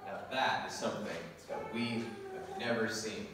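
A male pastor preaching a sermon, reading scripture aloud and telling the story with lively, animated asides and laughs. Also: lowish voice, normal speed, slight background noise. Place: church sanctuary. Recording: echoey church hall from far off.

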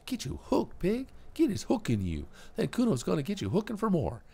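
A man's voice: sits high, wildly swooping pitch, brisk, vocal fry, warm tone, slightly rough, pitched above the performer's own voice, full character voice. A man voicing a foul-mouthed, volatile teenage boy drug dealer who talks about himself in the third person, with a strained, worn voice. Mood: aggressive.

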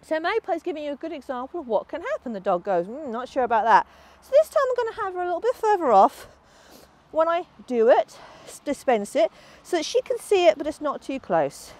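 Lively high-voiced woman dog trainer. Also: brisk. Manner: lively, high sing-song praise to the dog between explanations. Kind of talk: instructional demonstration outdoors. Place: outdoors in a field.

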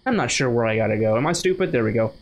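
A man from the United States with an expressive, medium-pitched voice talks rapid-fire over slight background noise. He hosts a gaming channel, giving chatty, casual let's-play commentary while thinking aloud and restarting often.

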